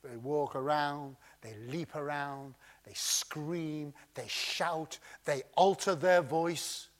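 A man preaching a sermon and reading scripture, swinging dramatically between loud emphasis and hushed tones. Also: fairly high pitch, steady tone, takes it slowly.

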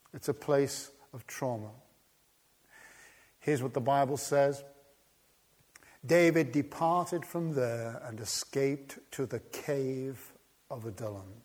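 A man preaching a sermon, dramatic, swinging from hushed tones to urgent, rising appeals. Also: medium pitch, slow pace, long pauses.

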